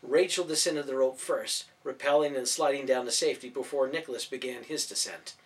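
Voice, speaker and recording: A man narrating a storybook in expressive audiobook style. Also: medium pitch, a little fast. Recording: voice from a distance off mic.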